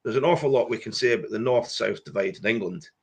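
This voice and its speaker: A Scottish man, a guest politician, talking in a political interview over a video call, hesitant and halting with repeated words. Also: on the low side, creaky, breathy edge. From Scotland.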